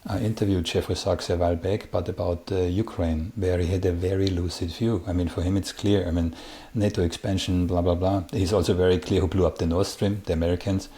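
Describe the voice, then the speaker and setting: A man's voice: low-pitched, flat delivery, brisk, dark tone. A man hosting a conversational interview, talking emphatically with repeated words and dry asides. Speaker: interview host.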